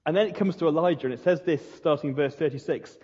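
A man's voice: a little high, quick pace, dark tone, breathy edge. A male pastor preaching a sermon, retelling a story in an earnest, emphatic way. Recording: dull lo-fi recording in a reverberant hall.

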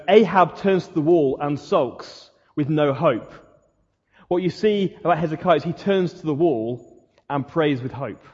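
A man's voice: on the high side, darkish tone, husky. Male pastor, earnest sermon, repeats his questions; muffled church hall recording. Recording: muffled sound with long hall reverb.

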